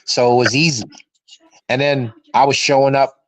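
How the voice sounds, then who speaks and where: A man's voice: medium pitch, normal speed, poor audio. A man in his fifties from Massachusetts, telling stories on a fan show video call and acting out what people said. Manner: animated storyteller who acts out quoted voices. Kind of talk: casual storytelling chat.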